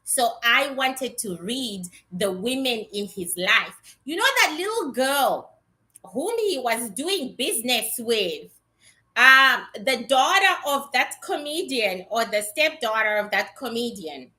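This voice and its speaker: Woman, psychic reader, blunt and chatty, slow-paced, bright tone. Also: fairly high pitch, expressive. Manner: chatty and blunt, swears, addresses viewers directly. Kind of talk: casual live psychic reading.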